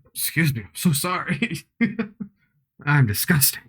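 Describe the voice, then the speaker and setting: A man's voice: on the high side, big pitch swings, takes it slowly, a bit bright, husky. A young man streaming a video game, chatting casually, giggling and teasing himself. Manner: chatty, giggly, self-mocking. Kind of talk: casual gameplay commentary.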